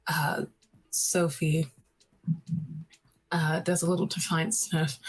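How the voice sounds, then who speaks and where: A woman narrating as a guest player in a fantasy storytelling game, halting with many uhs. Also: sits low, level tone, slightly rough, rough recording.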